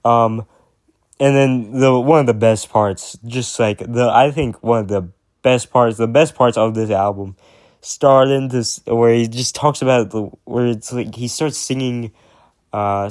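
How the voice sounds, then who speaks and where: A man's voice: mid-range voice, steady tone, unhurried, darkish tone, dry recording, studio quality. A man rambling casually about music, with lots of fillers, restarts and swearing. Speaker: music commentator.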